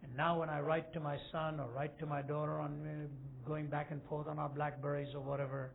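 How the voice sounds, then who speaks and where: A man in his sixties preaching a sermon to a group of men, telling stories that rise to loud, emphatic peaks. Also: on the high side, flat delivery, brisk, gravelly. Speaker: evangelist speaker. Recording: tinny phone-like lo-fi recording with faint hiss.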